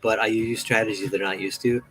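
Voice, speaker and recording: A man's voice: lowish voice, steady tone, a little fast, a bit bright, low-quality recording. A man in casual chat while drawing on stream, telling stories animatedly and acting out quotes with a raised voice. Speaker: streaming artist.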